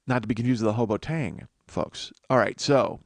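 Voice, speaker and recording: A man's voice: mid-range voice, lively intonation, moderate pace, creaky, dry recording. A man hosting a comedy podcast, telling a long rambling story in a profane, self-mocking way. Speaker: podcast host. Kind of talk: comedic monologue.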